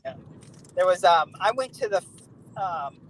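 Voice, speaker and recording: Guest on a podcast rambling on, lots of ums and likes, mid pitch, faint noise behind. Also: lively intonation, moderate pace, low-quality recording. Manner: rambling, many fillers and laughs. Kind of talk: casual chat.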